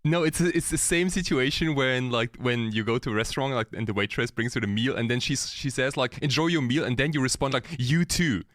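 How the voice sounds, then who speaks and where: A man co-hosting a casual podcast chat, animated and laughing, saying dude a lot. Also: medium pitch, fast, few pauses, dry recording, studio quality. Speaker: podcast co-host.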